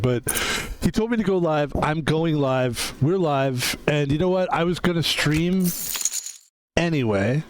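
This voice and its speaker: A man's voice: fairly high pitch, low-quality recording. A man streaming online poker who talks in a casual, rambling, self-mocking way, with a lot of "like". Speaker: game streamer. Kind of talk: casual live-stream commentary.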